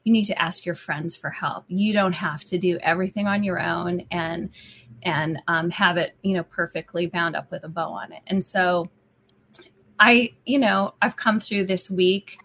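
Bright, chatty middle-aged woman co-host, emotional faith talk. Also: on the low side, fairly even intonation, normal speed, slight background noise.

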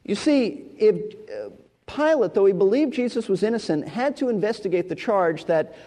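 A man's voice: sits high, lively intonation, moderate pace, mellow. A male pastor preaching an expository sermon, emphatic and repeating key words for stress. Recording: long hall reverb.

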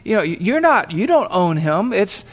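A man's voice: high voice, big pitch swings, normal speed. A man voicing angry male bystanders who scold a paramedic and side with an injured biker. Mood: indignant. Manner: scolding, indignant.

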